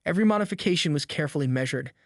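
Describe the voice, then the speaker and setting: Man reading a calm, measured engineer husband. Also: on the high side, no room sound, clean studio sound.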